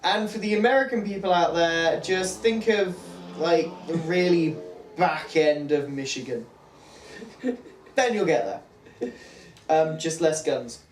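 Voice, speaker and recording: A man's voice: on the high side, a little slow, pauses often. A young man with an East Midlands accent, co-hosting a casual reaction chat with a jokey, self-deprecating manner. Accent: East Midlands English. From England, near Nottingham. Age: young adult. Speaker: co-host of a reaction show. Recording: roomy, distant, faint background noise.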